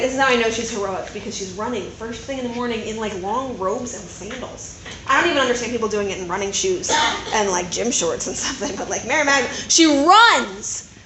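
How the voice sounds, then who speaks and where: A woman giving a chatty, animated sermon to a gathering of women, often tossing in tag questions like "right?". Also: a little high, slight background noise. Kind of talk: conversational sermon. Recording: roomy echo.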